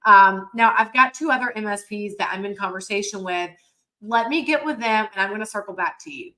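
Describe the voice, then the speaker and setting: A woman's voice: medium pitch, brisk, bright, forceful tone, close to an everyday voice, rough recording. A woman playing a courteous male business prospect in a sales role-play who puts off a decision politely. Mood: polite, stalling. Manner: courteous, noncommittal, stalling.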